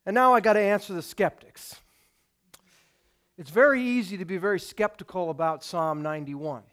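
A man's voice: sits high, moderate pace, fairly bright tone. A man preaching a sermon as pastor, emphatic and putting rhetorical questions to his congregation.

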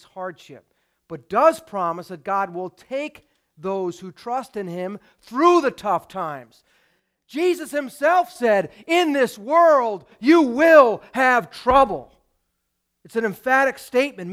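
A man's voice: sits high, a bit bright. A man preaching a sermon as pastor, emphatic and putting rhetorical questions to his congregation.

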